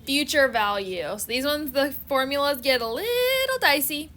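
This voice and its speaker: A woman's voice: sits high, expressive, moderate pace, sharp tone. A woman teaching a math class, talking casually with students and saying "like" a lot. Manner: chatty, fillers of "like", laughs often.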